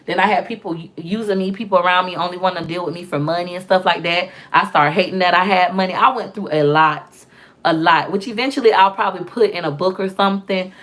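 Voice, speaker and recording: A woman's voice: fairly low pitch, fast talker, fairly bright tone. A woman, telling her life story in a candid, emphatic vlog, often acting out what others said. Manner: emphatic, repeats phrases, acts out quotes of others. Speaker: vlogger.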